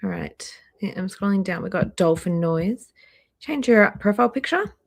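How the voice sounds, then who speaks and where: Woman on a laptop mic hosting a live chat, reading out names, a bit hoarse, middle pitch. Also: animated, normal speed. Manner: chatty, greets viewers by name one after another. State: slightly hoarse, clearing throat. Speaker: livestream host. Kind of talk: casual live stream chat. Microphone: laptop microphone near trackpad.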